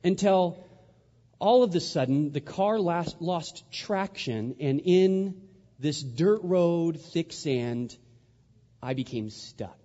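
A man's voice: a little high, takes it slowly. Man preaching in an echoing hall. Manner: animated storyteller, acts out voices. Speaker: pastor. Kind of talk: sermon with storytelling. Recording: dull sound in a reverberant hall.

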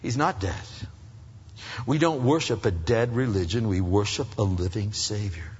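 A man preaching a sermon with emphatic swings between loud rising appeals and hushed earnest passages. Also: on the low side, moderate pace, husky. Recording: dull recording in a reverberant hall.

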